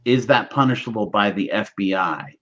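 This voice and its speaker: A man's voice: on the low side, expressive, normal speed, a bit bright, a little hiss or hum. A man joining a casual podcast, putting short questions to the group. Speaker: podcast guest. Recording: dull lo-fi mic.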